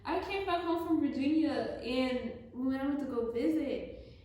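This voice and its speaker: High-voiced young woman, blunt chat. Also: unhurried, dark tone, recorded from a distance, a little hiss or hum. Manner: candid, laughing, blunt. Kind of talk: casual chat. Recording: echoey room, away from mic.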